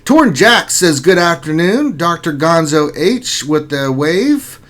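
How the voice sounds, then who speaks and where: A man's voice: fairly high pitch, very animated, slow, fairly bright tone. A man hosting a casual gaming livestream, reading viewers' names aloud in an upbeat, jokey way. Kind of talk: casual live-stream chat.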